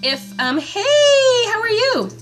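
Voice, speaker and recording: A woman hosting a live stream from her phone, chatting with viewers by name in a chatty, excitable way. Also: extremely high pitch, takes it slowly. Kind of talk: casual live-stream chat.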